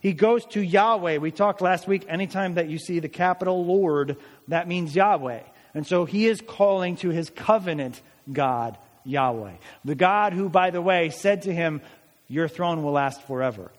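Male pastor, emphatic sermon, slightly high voice, long hall reverb. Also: normal speed. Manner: dramatic, emphatic preaching with rhetorical questions. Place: church hall.

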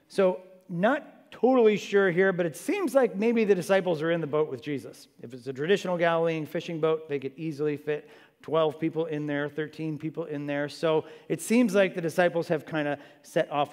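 A man preaching a sermon in an earnest, conversational way, with casual asides to the congregation. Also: fairly high pitch. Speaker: pastor. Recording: reverberant hall.

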